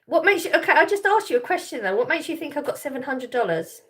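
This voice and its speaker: A woman's voice: high voice, very animated, fast talker, fairly bright tone. Teasing woman chatting with her live stream. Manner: chatty, teasing, laughs often. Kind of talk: live chat stream, reading and answering comments.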